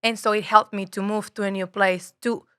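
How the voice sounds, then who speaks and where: Bright-voiced woman, earnest and reflective. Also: medium pitch, steady tone, normal speed, clean tone, no echo, studio quality. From Mexico. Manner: reflective, earnest, repeats phrases, swears casually. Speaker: podcast guest, spiritual guide. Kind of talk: casual conversation.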